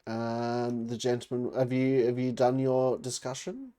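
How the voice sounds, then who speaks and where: A man running a tabletop game as game master, narrating scenes in a rambling, hesitant way. He pauses on fillers and jokes with the players as he goes. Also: medium pitch, dark tone, clean tone.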